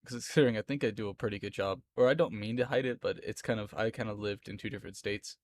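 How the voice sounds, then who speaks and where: A man's voice: on the low side, fast, slight background noise. A young man from Florida with a Southern accent, chatting casually with viewers on a live stream, rambling and laughing often between lines.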